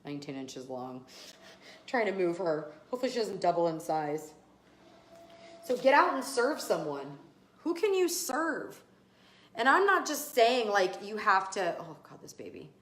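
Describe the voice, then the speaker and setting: A woman's voice: mid-range voice, very animated, unhurried, long pauses, a little hiss or hum. A woman podcast host and business coach giving a motivational talk, emphatic and fired up, cursing casually as she urges listeners on. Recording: roomy, echoey room.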